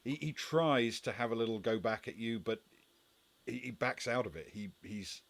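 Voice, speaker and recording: A man's voice: mid-range voice, normal speed, gravelly. A man acting as game master, narrating a tabletop game in a hesitant way with many restarts.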